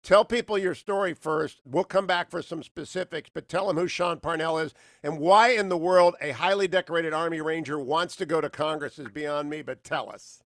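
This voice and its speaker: Middle-aged male talk radio host, chatty, fairly high voice, close dry studio mic. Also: normal speed, hardly any pauses, dry recording. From northeastern Ohio. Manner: chatty, animated, drops to a low, quiet register for serious points. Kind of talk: radio interview.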